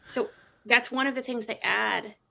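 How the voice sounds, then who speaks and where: A woman from New Mexico discussing a book on a podcast, adding corrections and personal memories in a relaxed, conversational way. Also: a little high, unhurried, vocal fry.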